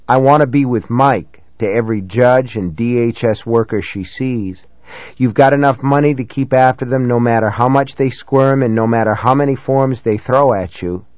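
A man's voice: medium pitch, dry recording, natural voice. A male audiobook narrator voicing a blunt, loyal male friend who talks coarsely and reassuringly, in a dry, slightly dull recording.

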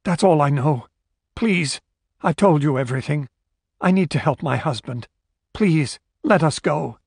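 A man's voice: on the high side, lively intonation, a little slow, no room sound, clean studio sound, pitched above the performer's own voice. A man voicing a frightened woman who pleads desperately and sobs, in an audiobook. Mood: pleading. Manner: desperate, sobbing pleas. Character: terrified pleading woman, a nurse's wife.

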